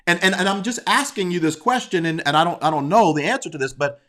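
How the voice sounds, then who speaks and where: A man in casual conversation, explaining earnestly and haltingly, often restarting his sentences. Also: high-pitched, fairly bright tone. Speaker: discussion guest.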